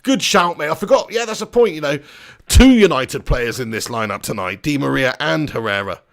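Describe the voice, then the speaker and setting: Chatty football streamer. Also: male voice, fairly high pitch, animated, moderate pace, creaky. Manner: chatty, jokey, rambling, banter-heavy. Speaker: football watch-along streamer. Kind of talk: live match commentary and chat.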